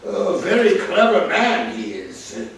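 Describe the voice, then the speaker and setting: An actor playing a dim-witted, fussy English lord on a theater stage, stammering through constant hesitant fillers. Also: male voice, high voice, sing-song, slow, vocal fry, exaggerated voice. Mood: befuddled. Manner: constant hesitant 'uh' fillers, muddled logic. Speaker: actor in a play reading. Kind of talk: stage play reading. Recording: very echoey theater, distant mic, faint hiss.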